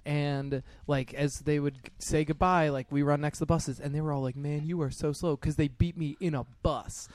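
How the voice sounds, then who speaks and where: A young man co-hosting a casual chat, telling animated stories, laughing often and acting out what others said. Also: on the high side, normal speed, few pauses. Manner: animated storyteller, laughs often, acts out kids' taunts. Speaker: podcast co-host.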